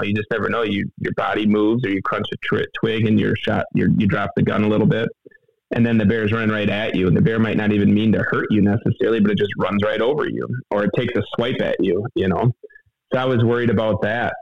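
A middle-aged man telling a story in a casual interview, halting, rambling and earnest, heard over a phone line. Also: lowish voice, creaky, dry recording. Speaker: guest telling a hunting story.

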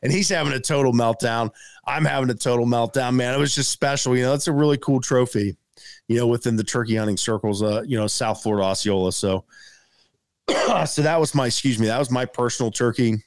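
A man telling a casual story as a podcast guest, rambling and animated, full of fillers like "man" and "dude.". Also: mid-range voice, fairly quick, no room sound, clean studio sound.

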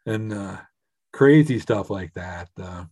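A man's voice: lowish voice, slow, darkish tone, no echo, faint music behind. A retired older man from upstate New York, a podcast guest, telling hunting stories in a rambling way with many fillers. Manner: rambling, frequent fillers and restarts. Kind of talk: casual storytelling.

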